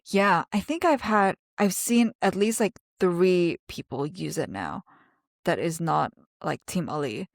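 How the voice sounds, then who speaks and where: A woman with a fairly low voice co-hosts a podcast in easy, casual chat. She talks with lots of fillers and restarts and laughs often. The sound is dry and close to the mic. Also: animated, a little slow, creaky, no echo. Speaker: podcast co-host.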